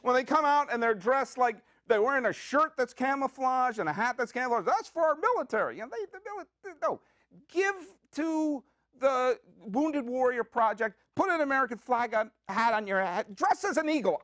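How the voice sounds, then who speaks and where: A man in his thirties or forties hosting a comic solo podcast in a high, wildly swooping voice. He rambles with excitable jokes and quick asides. The sound is dry and close, taped in a small community media studio. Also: no echo. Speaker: podcast host.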